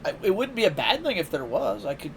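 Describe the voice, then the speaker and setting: A man chats casually on a live stream and tells a story with plenty of laughter. His pitch swings widely as he gets worked up. A faint hiss of noise sits under his voice. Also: quick pace. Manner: laughs often, animated storytelling.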